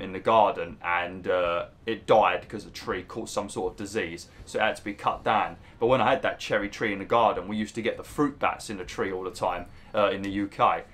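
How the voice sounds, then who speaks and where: A man's voice: fairly low pitch, fairly bright tone. A man giving rambling, casual commentary over a video game, swearing and laughing easily. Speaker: gaming YouTuber.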